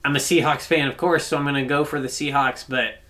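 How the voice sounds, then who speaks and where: A man's voice: fairly high pitch, steady tone, quick pace, bright, forceful tone. A man co-hosting a podcast, chatting casually about football with many fillers and restarts. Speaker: podcast co-host. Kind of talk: casual sports chat.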